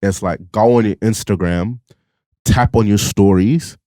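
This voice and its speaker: A man's voice: fairly low pitch, measured pace, warm tone, no echo, clean studio sound. A young man hosting a podcast in casual chat, laid-back and slangy, laughing often. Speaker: podcast host.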